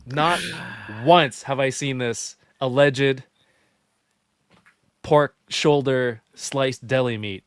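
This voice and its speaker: A man appearing as a guest on a casual livestream, telling stories with lively, playful mock indignation. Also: mid-range voice, extremely slow, pauses often, smooth, dry recording.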